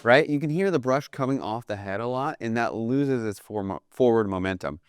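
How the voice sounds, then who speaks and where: A young man teaching jazz drumming in a relaxed, conversational way, often checking in with "right?" and counting beats aloud as he demonstrates. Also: medium pitch, moderate pace, noisy background. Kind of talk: instructional video lesson.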